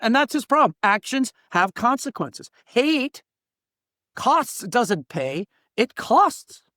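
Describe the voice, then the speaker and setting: A middle-aged diversity trainer and workplace coach speaks slowly yet forcefully, his extremely high voice bright and sing-song. He tells blunt stories during a podcast interview and acts out the people he quotes. The sound is dry and cleanly studio-recorded.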